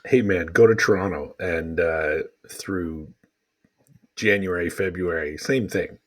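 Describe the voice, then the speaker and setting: A man's voice: low voice, takes it slowly. A man co-hosting a podcast, chatting casually with short, wry replies. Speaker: podcast co-host. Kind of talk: casual chat.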